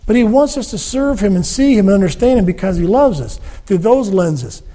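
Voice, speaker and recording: A man preaching a sermon on a Bible book, animated and acting out the words of the people he quotes. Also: high-pitched, fairly quick. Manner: animated, acts out quoted speech.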